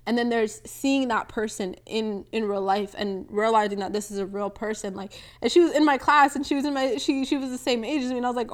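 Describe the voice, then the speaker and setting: A woman's voice: on the high side, a little fast, hardly any pauses. A twenty-one-year-old woman hosting a casual solo podcast, chatty and rambling, with lots of "like" and little laughs. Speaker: podcast host. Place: home, near a balcony.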